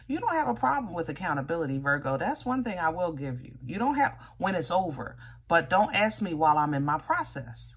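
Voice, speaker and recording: A woman's voice: fairly low pitch, very animated, a little fast, husky. Woman, tarot reading, chatty, direct, teasing, conversational. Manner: chatty, direct and teasing, with frequent "you know?" and "okay?". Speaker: tarot reader. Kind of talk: casual tarot reading to viewers.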